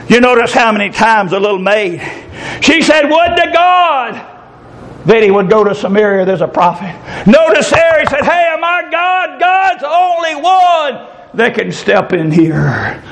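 A man preaching a sermon, often shouting and rising into fervent cries. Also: sits high, expressive, unhurried.

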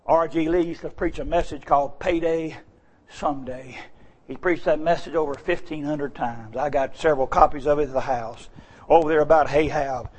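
A middle-aged man preaching a sermon, swinging between quiet asides and shouted, high-pitched exclamations. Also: normal speed, husky, poor audio.

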